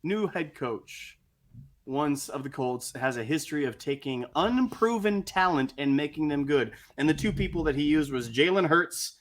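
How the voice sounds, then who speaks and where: A man's voice: on the high side, animated, moderate pace. A man co-hosting a sports podcast, exasperated as he reels off stats. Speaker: podcast co-host. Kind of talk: casual sports chat.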